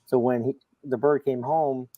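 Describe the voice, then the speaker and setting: A middle-aged man on a video call, a comics show panelist, telling a long personal story in casual chat with lively quoting. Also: medium pitch, moderate pace, no echo, narrow, tinny audio. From Florida, USA. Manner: storytelling, animated, quotes others.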